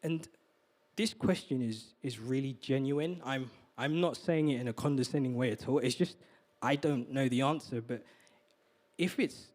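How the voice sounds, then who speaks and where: Speaking at normal speed in a mid-range, darkish voice, a man preaches a sermon as a guest speaker. His delivery is heartfelt and confessional, earnest throughout, with frequent stumbles and repeated words.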